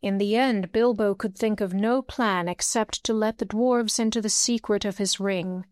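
A woman reading a fantasy novel aloud in a steady storytelling manner, lifting her voice for dialogue. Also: medium pitch, moderate pace, smooth, no echo, studio quality. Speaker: narrator. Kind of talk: audiobook reading.

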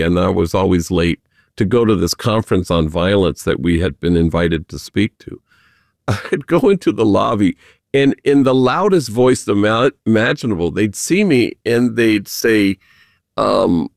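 A man who is a Jesuit priest, talking earnestly with gentle humor as an interview guest and telling stories. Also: on the low side, lively intonation, normal speed, vocal fry, no echo, clean studio sound. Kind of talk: conversational storytelling interview.

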